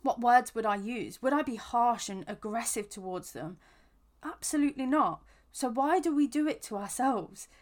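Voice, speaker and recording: A woman with a slightly raised pitch talks through a self-help episode as the podcast host. She speaks gently and earnestly, often restarting or repeating words as she thinks aloud. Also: lively intonation, normal speed. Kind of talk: reflective self-help talk.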